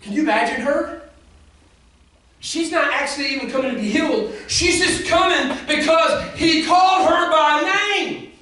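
High, bright-voiced preaching man. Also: moderate pace. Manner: impassioned, preacher's cadence, talks to the congregation. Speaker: senior lead pastor. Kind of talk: sermon. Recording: echoey room from far off.

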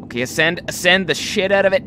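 A young man giving live gameplay commentary, talking to himself, excitable and swearing often. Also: sits high, quick pace, over music. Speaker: gaming video host.

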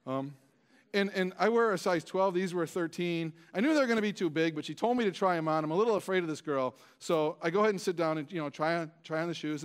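A man's voice: on the high side, clear, resonant tone. A male pastor preaching a storytelling sermon in a conversational, self-deprecating way, with many stammered restarts.

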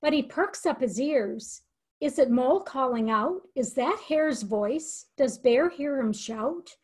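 Older lady reading a kids book out loud real slow and expressive, stops to explain stuff. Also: sits high, breathy edge. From United States. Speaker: speech-language teacher reading a picture book aloud. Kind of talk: read-aloud lesson for educators.

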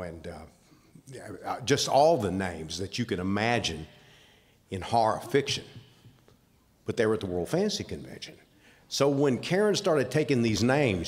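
An older man with a Southern US accent, speaking at an awards ceremony in a plainspoken, folksy storytelling manner. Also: fairly low pitch. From Southern United States. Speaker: award recipient speaking for his wife. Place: large convention hall. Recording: reverberant hall sound.

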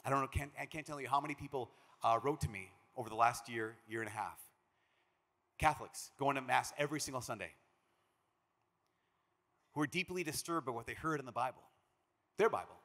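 A man from Minnesota, a priest giving a conference talk, an animated storyteller who acts out the quotes he tells. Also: medium pitch, a little fast, long pauses. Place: large conference hall. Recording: long reverb of a big hall.

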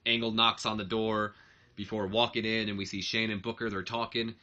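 A man's voice: lowish voice, flat delivery, brisk, pushed and bright, dull audio. A man giving casual commentary on a wrestling management game, rambling and correcting himself as he goes. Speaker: let's play narrator.

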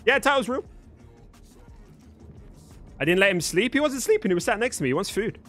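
A Birmingham-born young man hosts a live stream with faint music behind him, reading the chat, chatting with viewers and thanking them. His voice sits high with big pitch swings and a fairly bright tone, a little fast, and his British accent is mostly neutral.

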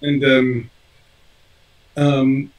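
A man's voice: mid-range voice, monotone, drawn-out words, far from the mic, low-quality recording. An older man, an actor being interviewed, talking casually with lots of fillers and restarts. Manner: rambling, many fillers and restarts. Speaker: actor guest.

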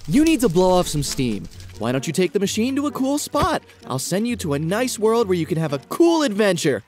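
A man's voice: sits high, very animated, fairly quick, darkish tone, faint music behind. A man voicing a suspiciously nice male friend who talks in a soothing way. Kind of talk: Minecraft roleplay voice acting.

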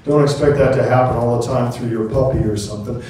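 A man's voice: mid-range voice, steady tone, quick pace, crowd noise. A middle-aged male pastor preaching a sermon, telling stories and calling out amen to the congregation. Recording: very echoey hall, mic from a distance.

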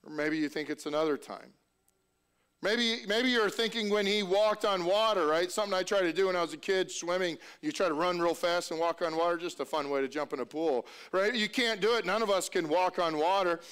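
A man's voice: sits high, fairly quick, a bit bright, clean tone. A man preaching a sermon as pastor, talking conversationally, often restarting sentences and asking the congregation rhetorical questions.

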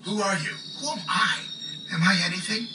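Casting: a wildly excitable, high-voiced confused brain in a game, echoey and distant. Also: male voice, moderate pace. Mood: awestruck. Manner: wildly swinging, excitable, giggly. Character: disembodied brain, giddy, confused, grandiose man. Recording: echoey, distant, with noisy ambience.

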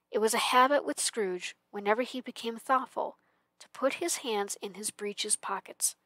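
Woman narrating a storybook calmly. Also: a little high, no room sound. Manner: calm, measured narration. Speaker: library reader. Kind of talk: storybook reading aloud.

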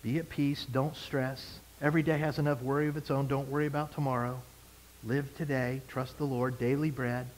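A man voicing the gentle, hushed Spirit. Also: medium pitch, little pitch movement, normal speed, a little hiss or hum, pitched below the performer's own voice, close to an everyday voice, low-quality recording. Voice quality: soft and hushed. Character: the Holy Spirit, gentle, calm, reassuring.

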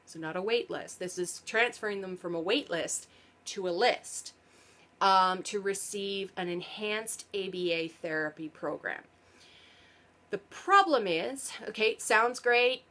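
Woman, casual explainer vlog, sarcastic, self-correcting, mid-pitched voice. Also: a bit bright. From Canada. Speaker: parent and vlogger.

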